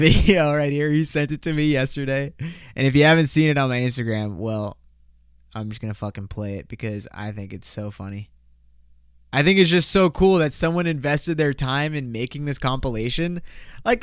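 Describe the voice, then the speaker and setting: A young man hosting a casual solo podcast, loose, excitable and full of swearing. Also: medium pitch, smooth, dry recording, studio quality. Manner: loose, profane, excitable, laughs a lot. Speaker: podcast host.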